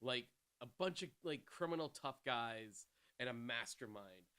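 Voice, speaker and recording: A man's voice: mid-range voice, animated, unhurried, bright, forceful tone, clean tone. A man co-hosting a film podcast in casual chat, rambling and self-deprecating and often laughing. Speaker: podcast co-host.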